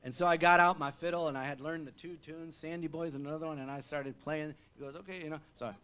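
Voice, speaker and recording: Male folk singer, animated on-stage storyteller, slightly high voice, chatty. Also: fast talker, music in the background. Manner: animated, chatty, frequent fillers and restarts. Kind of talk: live stage storytelling between songs. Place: live music venue.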